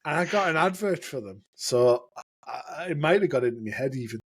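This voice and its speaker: Brief: male podcast co-host, husky, fairly high, jokey and chatty. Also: expressive, a little fast, a bit bright. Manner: jokey, laughs often. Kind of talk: casual chat.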